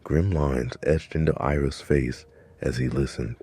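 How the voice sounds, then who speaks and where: Very deep, husky male narrator. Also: steady tone, warm tone, no echo. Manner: measured, dramatic storytelling. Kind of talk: scripted narration.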